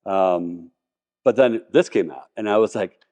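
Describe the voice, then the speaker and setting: Enthusiastic lower-voiced man telling car stories. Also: measured pace, darkish tone. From Colorado, US. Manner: enthusiastic, rambling with restarts. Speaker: podcast guest, car collector. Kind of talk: casual interview talk.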